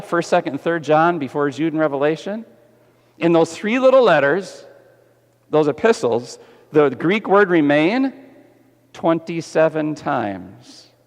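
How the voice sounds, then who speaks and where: A fairly high-voiced man preaches to his congregation, lively and full of questions for the kids. His voice rings with a long reverb through a large church sanctuary. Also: moderate pace. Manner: animated, asks the congregation questions. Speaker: pastor. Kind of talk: sermon. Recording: echoey church hall.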